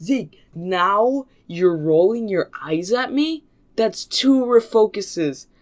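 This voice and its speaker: Strict, scolding female teacher, put on by a man, high and pinched, on a muffled lo-fi recording. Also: animated, normal speed, lightly acted. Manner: scolding, raised-pitch mimicry. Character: strict, short-tempered woman schoolteacher. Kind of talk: storytime impression. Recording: dull lo-fi recording.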